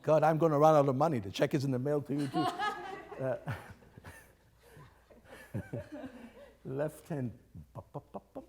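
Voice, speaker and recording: There's crowd noise around this older man's fairly high, fairly even voice as he leads a music master class, speaking unhurriedly with long pauses. Encouraging and playful, he sings phrases to demonstrate for the young players, and chamber music plays faintly in the background.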